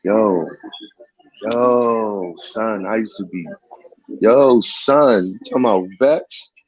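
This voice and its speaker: A man rambles through a casual vlog in loose, slangy street talk. His voice is husky and a little muffled, as if from a dull, lo-fi recording. He restarts his sentences often. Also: takes it slowly, a little mellow. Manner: sing-song high calls of a greeting catchphrase. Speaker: vlogger.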